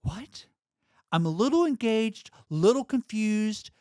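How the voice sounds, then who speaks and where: A middle-aged man tells a story with lots of energy and swings his pitch up and down as he acts out what people said. His voice sits a little high for a man. The recording is dry and close. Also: normal speed, no echo. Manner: animated storyteller, acts out quotes, laughs often. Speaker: guest. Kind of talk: storytelling in a podcast conversation.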